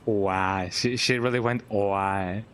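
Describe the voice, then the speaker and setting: A man's voice: lowish voice, steady tone, slow pace, fairly bright tone, a little hiss or hum. A man streaming a video game in casual commentary, tagging "eh?" onto his remarks and chuckling often. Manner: tags nearly every line with "eh?", chuckles often. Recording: game music playing behind.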